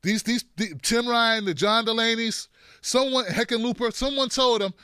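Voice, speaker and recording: Male political show host, high bright voice, sarcastic and animated, dry sound. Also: moderate pace, clean tone, dry recording. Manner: animated, mocking, does impressions of politicians. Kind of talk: opinionated political commentary.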